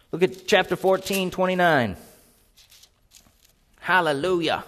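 A middle-aged man preaching a sermon in an animated, joking way, acting out little voices as he reads and retells scripture. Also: sits high, moderate pace, long pauses.

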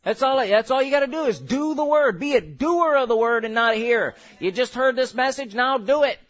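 A man preaching a sermon, animated, acting out voices and laughing as he goes. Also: very high voice, brisk. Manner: animated, acts out quotes, laughs.

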